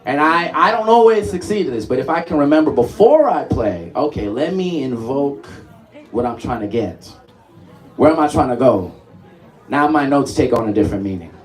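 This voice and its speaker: A man's voice: medium pitch, animated, moderate pace. Playful man leading a music workshop. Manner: playful, laughs often, coaxing the group. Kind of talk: live workshop teaching. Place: workshop room with live audience.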